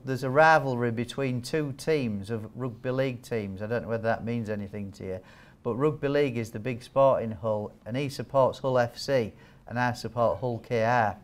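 A man giving a training talk to nurses as a wound care trainer, chatty and joking, quizzing the audience. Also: mid-range voice. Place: training hall with a live audience.

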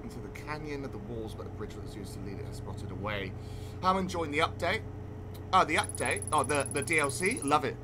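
A man's voice: mid-range voice, a little fast, very noisy. A man, streaming a game and chatting casually in a rambling way that swears freely. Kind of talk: casual gameplay stream chat. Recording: game music playing behind.

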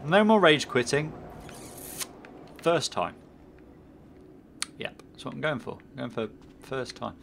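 A man's voice: medium pitch, sing-song, takes it slowly, gravelly, long pauses, a bit bright, a little hiss or hum. A man commentating his own game playthrough, rambling and self-mocking, muttering at the game as he plays. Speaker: gaming channel host. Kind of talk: let's play commentary.

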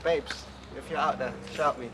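A man from Poland, chatting animatedly with lots of slang while walking through his childhood neighbourhood. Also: mid-range voice. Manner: animated, slangy, quick to laugh. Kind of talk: casual walking tour chat. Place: outdoors on city streets. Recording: street noise and traffic outdoors.

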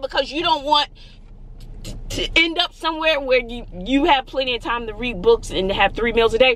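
This is a woman from Brooklyn sitting in her car and talking to a phone camera. Her voice is high and bright. She vents in an exasperated, rambling way and keeps circling back to the same points. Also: slight background noise. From Brooklyn, New York. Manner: exasperated, rambling, repeats herself. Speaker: vlogger, single mom. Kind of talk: venting vlog while driving. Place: inside a car.

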